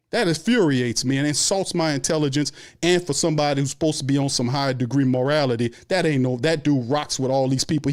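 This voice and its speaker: A man hosting a live sports stream, ranting angrily and profanely in a repetitive, heated rant. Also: mid-range voice. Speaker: sports show host.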